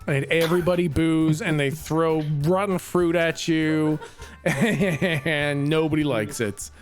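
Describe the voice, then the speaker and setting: A man's voice: on the high side, takes it slowly, soft background music. A man running a tabletop game as game master, laughing often and improvising with lots of fillers.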